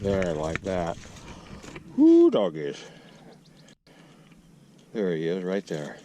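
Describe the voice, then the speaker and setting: A man's voice: low-pitched, drawn-out words. An older man narrating his fishing trip in a casual vlog, chatting playfully to the fish and his viewers from a small boat. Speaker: angler vlogger. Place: small boat on a lake outdoors. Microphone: boat-mounted camera mic. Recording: outdoor camera audio with steady noise.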